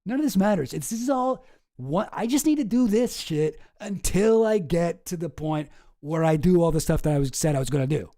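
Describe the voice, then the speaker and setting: A man's voice: high-pitched, brisk, dark tone, dry recording, studio quality, close to an everyday voice. A man putting on a smug, pushy young roommate. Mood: dismissive. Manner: dismissive, condescending.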